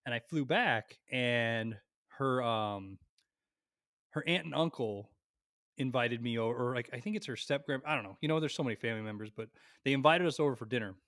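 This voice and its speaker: A young man on a podcast, telling a long family story in a lively, animated way and swearing freely. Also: medium pitch, fairly quick, no room sound, clean studio sound. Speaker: podcast co-host. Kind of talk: casual storytelling chat.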